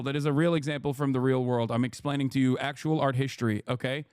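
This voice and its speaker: A man's voice: medium pitch, steady tone, quick pace, hardly any pauses, darkish tone, clean tone, no room sound, clean studio sound. A male streamer giving reaction commentary in a blunt, profane and emphatic way, often checking in with "okay?".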